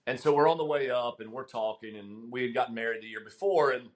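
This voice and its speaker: A middle-aged man, a guest caddie, telling a long story in casual chat, animated and laughing, with frequent ums. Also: mid-range voice, fast talker.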